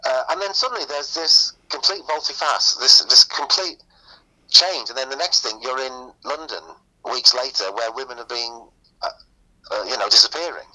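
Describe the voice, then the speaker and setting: A man's voice: mid-range voice, normal speed, bright, forceful tone, low-quality recording. A man co-hosting a casual film discussion, giving hesitant, rambling opinions with many fillers. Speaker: film podcast co-host.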